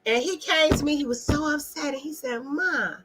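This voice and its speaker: Hosting an online live talk, a woman speaks emphatically in a casual, preachy style, putting questions to the audience and addressing viewers in the chat directly. Her high voice holds a steady tone at a fairly quick pace, with background noise present.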